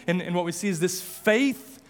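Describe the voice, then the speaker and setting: High-voiced impassioned male preacher. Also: normal speed. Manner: impassioned, rhetorical questions, conversational asides. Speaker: pastor. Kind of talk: sermon.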